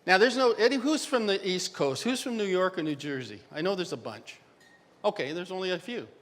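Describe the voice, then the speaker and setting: A man's voice: sits high, animated, a little fast, fairly bright tone. Wry older man lecturing in a hall. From Canada. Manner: wry, self-mocking, chatty with the audience. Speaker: dental radiology lecturer. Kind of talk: joking conference lecture. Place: large conference hall. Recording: reverberant conference hall.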